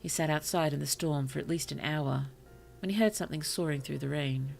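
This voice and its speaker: A woman streamer reading short stories aloud to her chat, slow and careful, with apologetic asides between passages. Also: low voice, gravelly, darkish tone, faint music behind. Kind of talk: story reading on a livestream.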